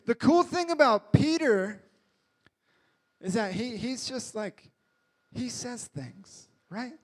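A man with a strikingly high voice preaches in a relaxed, conversational way. He retells a story with humor and slips into quick acted-out voices as he goes. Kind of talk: casual storytelling sermon.

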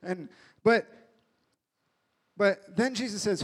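A man preaching a casual, jokey sermon, retelling a story in a lively way with acted-out voices. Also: high-pitched, measured pace.

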